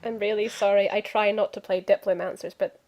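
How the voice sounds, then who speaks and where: A woman's voice: medium pitch, fairly even intonation, brisk, darkish tone. A young woman playing in a tabletop role-playing game, chatting casually and explaining her choices. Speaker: player.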